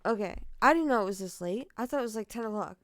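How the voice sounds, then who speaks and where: A woman's voice: mid-range voice, animated, quick pace, no echo, clean studio sound. A woman telling true crime stories who rambles candidly and swears freely as she signs off casually. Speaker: true crime storyteller and streamer. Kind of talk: casual sign-off chat.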